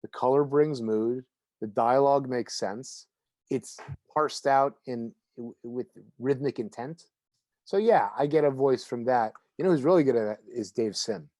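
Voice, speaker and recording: A man co-hosting a podcast, chatting casually about comics in a relaxed, rambling way. The sound is dry and close, with little room echo. His voice sits at a middle pitch. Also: unhurried. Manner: relaxed, rambling, with frequent fillers and restarts. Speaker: podcast co-host.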